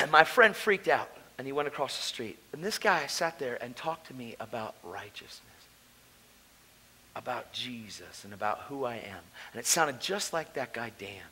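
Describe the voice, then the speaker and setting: A man preaching his personal testimony at a conference. He swings from hushed storytelling to loud, emotional shouting. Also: mid-range voice, lively intonation, moderate pace, slight background noise, rough recording.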